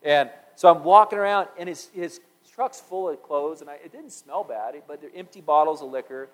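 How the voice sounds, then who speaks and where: A man preaching through a personal story, his voice sitting a little high for a man. He tells it in an animated way and jumps into the voices of the people in it. The delivery is loose and conversational rather than scripted. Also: normal speed, low-quality recording. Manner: animated storyteller acting out dialogue. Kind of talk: storytelling sermon.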